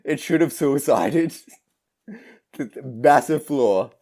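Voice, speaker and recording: A man co-hosting a podcast, chatting casually about a movie, retelling scenes with animated laughter. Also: a little high, drawn-out words. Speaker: podcast co-host. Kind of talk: casual movie review chat.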